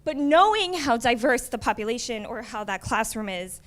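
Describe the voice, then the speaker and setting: Woman librarian, high voice, casual presenter at a conference, chatty, checks in with the audience a lot. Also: lively intonation, moderate pace. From United States. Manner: conversational, frequent "um" and "right?" tags.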